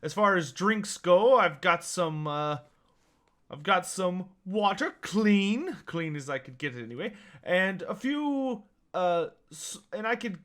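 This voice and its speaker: A man's voice: high-pitched, very animated, slow, fairly bright tone, exaggerated voice. A man voicing a tired, shady male fish merchant who talks in a drawling, amused patter. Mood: sly.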